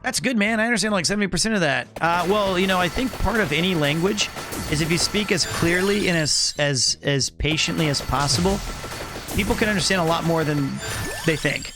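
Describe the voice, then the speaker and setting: A fairly high-pitched man talks through his gameplay in a loose, joking, rambling way. Clear game music plays under his voice the whole time. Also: fairly quick. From Kansas City, US. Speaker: streamer. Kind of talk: casual gameplay commentary.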